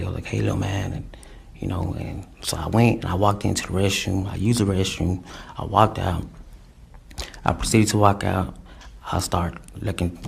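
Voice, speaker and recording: Gravelly man giving rambling testimony. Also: deep voice, a little hiss or hum. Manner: rambling, halting, many fillers. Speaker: defendant testifying. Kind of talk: courtroom testimony.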